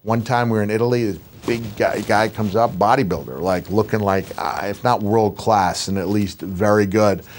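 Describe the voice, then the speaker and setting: Middle-aged male podcast host, low voice, animated rambling storyteller. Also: moderate pace, few pauses. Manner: animated, rambling anecdotes with restarts. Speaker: podcast host, retired wrestler. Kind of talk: storytelling in casual chat.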